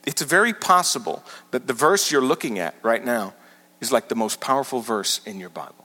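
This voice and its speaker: Animated male pastor in a reverberant hall. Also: mid-range voice, a little fast. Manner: animated teaching with emphatic repetition. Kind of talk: sermon. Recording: large hall with long reverb.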